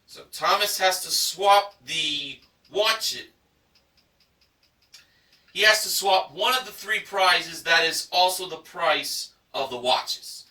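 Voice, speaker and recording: High-voiced man recapping a game show. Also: bright, forceful tone, echoey room, distant mic, rough recording. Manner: drawn-out dramatic price reveals. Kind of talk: enthusiastic recap narration.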